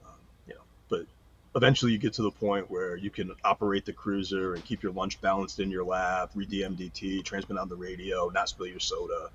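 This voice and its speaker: A man's voice: sits low, brisk, a little hiss or hum. A middle-aged man, a retired police chief telling stories from his career as a guest in a casual interview, acting out quoted lines as he goes. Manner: animated storyteller, acts out quotes. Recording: dull lo-fi sound.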